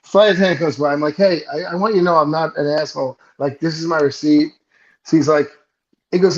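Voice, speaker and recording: A man's voice: on the high side, steady tone, quick pace, dull audio. A man on a remote call telling a rambling, profane comic story in casual chat, laughing at his own punchlines. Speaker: show regular telling a story.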